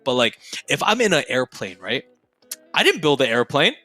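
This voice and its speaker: A man's voice: mid-range voice, sing-song, normal speed, sharp tone, no echo, faint music behind. A young man, a streamer guest on a podcast, talking casually with heavy profanity and slang, laughing often.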